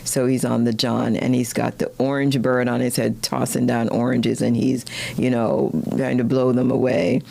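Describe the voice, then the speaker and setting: A woman giving a casual, chatty study-skills lesson, laughing often and jumping up in pitch when she gets excited. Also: moderate pace, vocal fry, hardly any pauses.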